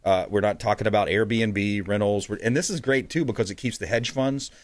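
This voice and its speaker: A man's voice: lowish voice, a little fast. A man hosting a casual talk show, chatty and folksy, often laughing as he talks. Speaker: host.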